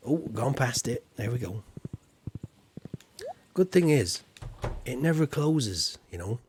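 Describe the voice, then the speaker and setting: A man's voice: mid-range voice, big pitch swings, takes it slowly, noisy background. A man giving rambling, jokey commentary while he streams a game. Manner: rambling, jokey, chatty asides. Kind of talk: casual gameplay commentary.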